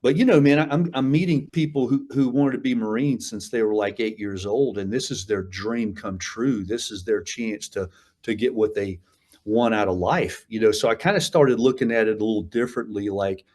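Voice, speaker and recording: A man's voice: on the low side, moderate pace, darkish tone. A man in his fifties telling stories as an interview guest, rambling with frequent fillers, restarts and a habit of saying "man.". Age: 50s. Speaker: interview guest, combat veteran. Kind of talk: casual storytelling interview.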